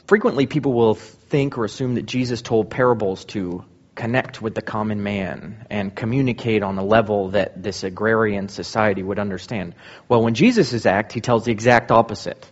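A man's voice: lowish voice, moderate pace, dull audio. A man preaching a sermon, reading scripture aloud and then explaining it with rising emphasis.

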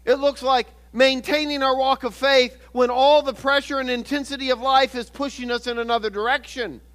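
A man's voice: very high voice, steady tone, normal speed, fairly bright tone, clear, resonant tone. A man preaching a sermon as pastor, explaining a Bible passage earnestly and often correcting himself mid-sentence.

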